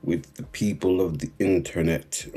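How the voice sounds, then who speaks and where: A man giving a live-streamed trading lesson, speaking slowly and repeatedly checking in with his viewers. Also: sits low, dark tone, breathy edge. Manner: unhurried, repeating "right?" and "guys" to the chat. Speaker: trading instructor.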